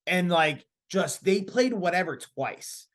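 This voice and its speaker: A podcast host in his thirties tells a story during casual chat, animated and laughing as he goes. His voice is high-pitched and his pace slow.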